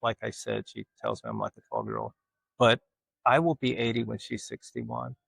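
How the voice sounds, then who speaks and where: A man's voice: on the low side, sing-song, moderate pace, vocal fry, a bit bright, dry recording, poor audio. A man, a guest telling rambling, self-mocking stories in casual interview chat. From Alabama. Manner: rambling, self-mocking storyteller who acts out quoted voices. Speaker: guest artist.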